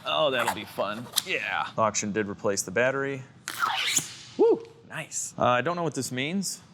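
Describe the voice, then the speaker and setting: A man's voice: mid-range voice, expressive, normal speed. Chicago guy cleaning his car and talking to the camera, chatty and jokey, a little background noise. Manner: chatty, jokey, talks to viewers while working. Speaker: car YouTuber. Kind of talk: casual car-detailing vlog narration.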